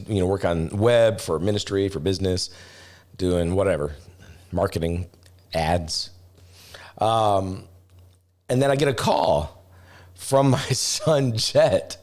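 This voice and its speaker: This middle-aged man, a travel vlogger, has a lowish voice and tells a story in a casual, rambling way with restarts, becoming animated as he performs voices.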